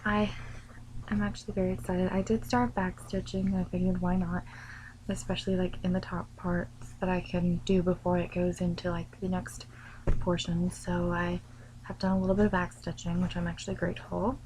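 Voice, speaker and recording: A woman's voice: lowish voice, level tone, moderate pace, background noise. A woman chatting casually in a home vlog about her cross-stitch progress, rambling and laughing often. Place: home room.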